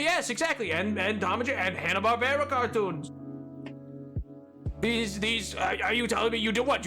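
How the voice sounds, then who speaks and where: A man's voice: very high-pitched, pushed and bright. Rambling playful male streamer. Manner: rambling, playful, bantering with chat. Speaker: game streamer. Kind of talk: casual livestream chat.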